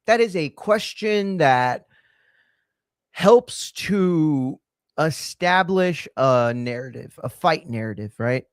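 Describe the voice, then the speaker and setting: A man's voice: on the high side, expressive, slow, clean tone, no echo, studio quality. A man hosting a reaction commentary show, sarcastic and profane as he reacts to clips. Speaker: host.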